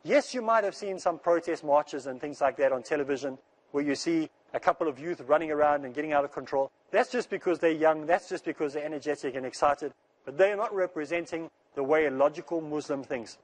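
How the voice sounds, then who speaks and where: A man giving an earnest religious lecture in a rushing, rapid delivery, repeating phrases to make his point. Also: a little high. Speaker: Islamic speaker.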